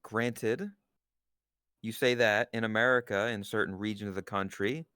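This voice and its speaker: A man's voice: lowish voice, steady tone, moderate pace, fairly bright tone, clean tone, dry recording, studio quality. A man chatting casually on a stream, joking and teasing his co-host. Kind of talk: casual chat.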